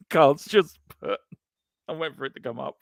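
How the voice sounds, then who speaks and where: A man's voice: on the high side, gravelly, no room sound. Guy co-hosting a footy fan podcast, jokey, reading out comments, dry close sound. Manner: jokey, reads out listener comments. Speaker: podcast co-host. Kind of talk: casual fan podcast chat.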